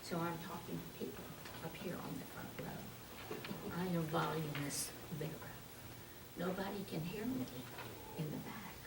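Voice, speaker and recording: A woman's voice: on the low side, measured pace. A woman playing a timid, barely audible speaker who doesn't care, talking almost in a whisper, recorded from a distance in a roomy hall. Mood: indifferent. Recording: distant mic, roomy hall, faint hiss.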